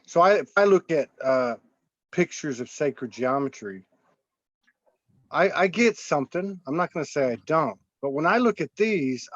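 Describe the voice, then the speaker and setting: A receptive man talks reflectively, with many small agreements. His voice is a little high and sounds dull and dry, as if recorded on a remote connection. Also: no echo. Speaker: interviewer. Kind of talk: conversational interview.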